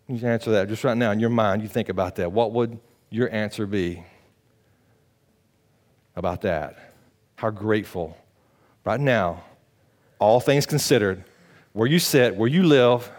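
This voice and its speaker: A male pastor preaching a sermon, moving between loud, high-pitched exclamations and quiet, low appeals, with casual rhetorical questions to the congregation. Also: moderate pace.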